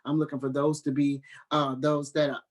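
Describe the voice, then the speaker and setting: A man, a gospel singer, chatting as a radio interview guest, telling stories and acting out quotes with lively energy. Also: moderate pace. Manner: animated storyteller, acts out quotes in a high voice. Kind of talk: casual interview talk.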